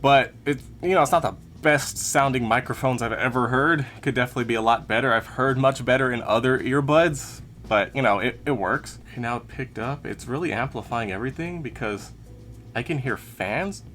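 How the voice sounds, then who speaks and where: A man's voice: mid-range voice, a little fast, few pauses, fairly bright tone, slight background noise. A man giving a casual unboxing and review, talking through each step as he handles the product.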